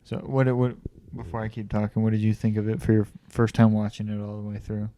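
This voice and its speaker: A man's voice: lowish voice, completely flat delivery, a little fast, warm tone. A man co-hosting a casual podcast chat at home, talking loosely with lots of fillers and jokes. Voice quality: chatty, jokey, lots of fillers. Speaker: podcast co-host.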